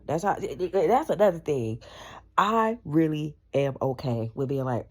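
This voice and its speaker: A woman's voice: sits low, animated, unhurried, faint music behind. A woman in her thirties talking bluntly to camera in a candid personal monologue, emphatic and full of profanity. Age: 30s. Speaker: vlogger.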